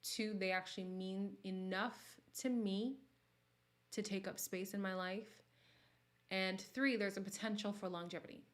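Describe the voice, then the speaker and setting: A woman hosting a casual livestream, reading viewer comments and talking frankly, her voice jumping from loud outbursts to soft near-whispers. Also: mid-range voice, fairly even intonation, measured pace. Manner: candid and sassy, swings between loud bursts and near-whispers. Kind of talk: casual chat.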